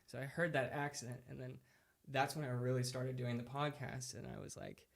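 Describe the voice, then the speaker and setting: Gravelly-voiced podcast host man. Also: mid-range voice, normal speed. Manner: relaxed, chatty, lots of fillers. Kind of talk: casual podcast interview.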